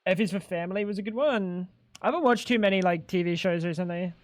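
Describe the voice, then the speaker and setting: A British man talks loosely to his stream chat as he plays, in a voice that sits high for a man. He is chatty and swears freely between game remarks. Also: fast, no room sound. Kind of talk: casual live-stream chat while gaming.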